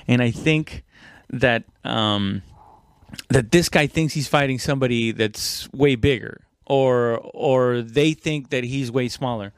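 A man's voice: mid-range voice, a little slow, clean tone, no room sound, studio quality. A young man casually telling a story about fighting, rambling and profane, with lots of restarts and fillers.

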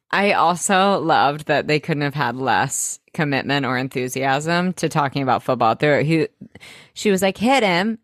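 A woman's voice: low voice, expressive, measured pace, no echo, clean studio sound. A woman co-hosting a podcast in casual recap chat, who swears freely and laughs easily. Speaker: podcast co-host.

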